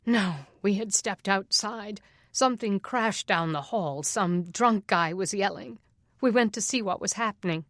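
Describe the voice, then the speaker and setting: A woman's voice: mid-range voice, a little slow, dry recording, studio quality, close to an everyday voice. A woman voicing a frightened, indignant mother of a hurt teenager. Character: frightened, angry mother of an injured teen.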